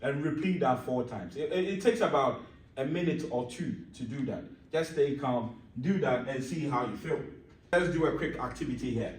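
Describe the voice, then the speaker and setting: A teacher giving a lesson on exam stress, asking questions and answering them himself, often checking that the class follows. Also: male voice, medium pitch, normal speed. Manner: repeats points emphatically, checks understanding. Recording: roomy echo, mic at a distance.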